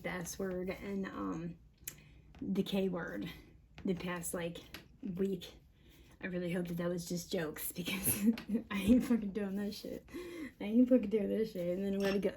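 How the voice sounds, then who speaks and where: A mother vents on camera in a long, rambling, heavily profane monologue, her mid-range voice mellow and soft-edged. She sounds agitated and laughs between thoughts, with a faint hiss of noise underneath.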